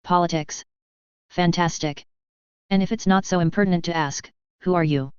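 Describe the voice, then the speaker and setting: A woman voicing a calm, diplomatic male knight-master who speaks in a courteous, measured way. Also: fairly low pitch, clean tone, dry recording, dull audio, natural voice.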